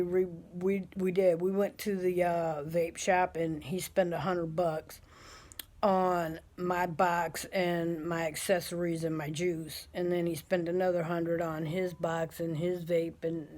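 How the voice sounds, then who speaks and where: A woman's voice: on the low side, level tone, measured pace, a little mellow. A middle-aged woman vlogging to camera in a blunt, chatty way, with many fillers and restarts. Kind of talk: casual talk to camera.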